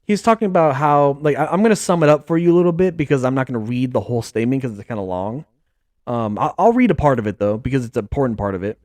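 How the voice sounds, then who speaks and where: A man hosting a sports podcast, talking in a casual, excitable, rambling way full of slang. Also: mid-range voice, fast talker, no echo. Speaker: podcast host.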